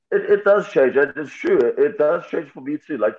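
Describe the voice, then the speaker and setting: Over a tinny line that sounds like a phone, a male MMA fighter gives a casual guest interview, candid, reflective and quick to laugh. He speaks at a moderate pace in a fairly high, expressive voice.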